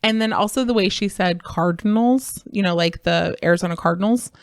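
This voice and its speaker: A woman in her thirties co-hosting a casual podcast, telling stories with lively energy and mimicking children's voices. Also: mid-range voice, a little fast, clear, resonant tone, no room sound, clean studio sound. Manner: animated storytelling, imitates kids' voices. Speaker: podcast co-host. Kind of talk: casual chat.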